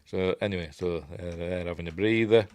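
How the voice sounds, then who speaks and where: A man's voice: deep voice, a little fast, darkish tone, dry recording. A Yorkshire man in his fifties giving a rambling, chatty running commentary as he reviews a film, with frequent asides and self-corrections.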